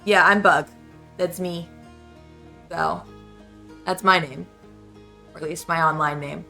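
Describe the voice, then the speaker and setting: A young woman chats casually while streaming a game, rambling with plenty of fillers. Her voice is bright, with a strong gravelly fry. Faint music plays behind her. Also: fairly low pitch, fairly even intonation, slow pace. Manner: chatty, rambling, lots of fillers. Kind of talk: casual live-stream chat.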